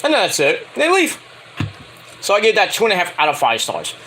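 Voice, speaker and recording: A man giving a rambling, casual spoken review of a wrestling show, excitable and swearing freely. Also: sits high, normal speed, slight background noise, rough recording.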